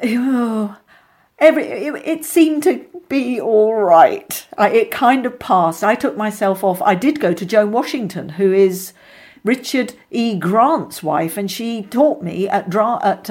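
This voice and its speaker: A middle-aged woman, an actress being interviewed, telling lively anecdotes with many restarts and asides. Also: mid-range voice. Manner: chatty, animated storyteller with many restarts.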